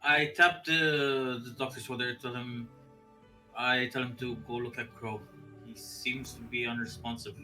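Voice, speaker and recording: A man playing a tabletop role-playing game, speaking hesitantly and deliberately with restarts. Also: mid-range voice, level tone, over music, low-quality recording. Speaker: player.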